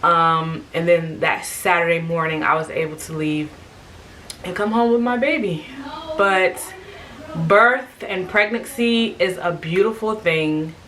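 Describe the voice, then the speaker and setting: Vlogger, woman, lowish bright voice, animated storyteller. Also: a little slow, slight background noise. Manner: animated storytelling, acting out what people said. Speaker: vlogger sharing her birth story. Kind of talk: casual storytime monologue.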